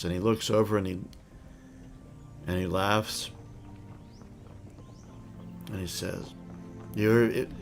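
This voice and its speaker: A man running a tabletop game, describing the scene in a relaxed, meandering way with plenty of hesitations. His voice sits fairly low, with faint music underneath. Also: creaky. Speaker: game master.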